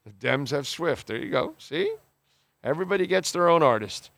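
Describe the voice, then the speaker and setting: A man's voice: a little high, wildly swooping pitch, normal speed, vocal fry, fairly bright tone, no room sound. A man hosting a radio show, reading listener messages aloud and giving blunt, opinionated takes, swearing casually and calling people bro. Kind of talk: casual call-in radio talk.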